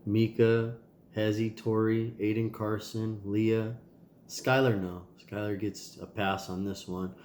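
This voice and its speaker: Man, nasal, slow-talking, low voice, tired, rambling with ums, echoey room. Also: flat delivery, a little mellow, slight background noise. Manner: rambling, loose, with many ums and sighs. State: tired and sore. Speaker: father recording video messages for his kids. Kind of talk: casual video diary.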